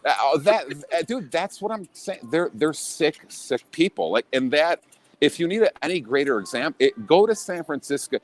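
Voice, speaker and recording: A man's voice: on the high side, sing-song, moderate pace, dry recording. A man from Illinois talking in a casual chat as a podcast guest, blunt and profane, with many restarts.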